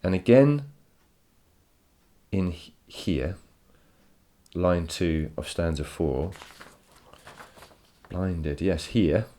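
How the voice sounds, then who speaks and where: A man's voice: low-pitched, extremely slow, long pauses, dark tone. A male teacher giving a recorded poetry lesson from home, enthusiastic and explanatory, often repeating words as he thinks.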